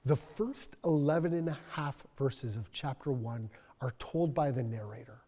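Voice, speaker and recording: A male pastor preaching a sermon in a church, earnest and reflective, dropping to a soft voice for emphasis. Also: mid-range voice, moderate pace, in a large hall. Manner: earnest, reflective, soft-spoken at key points. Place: church sanctuary.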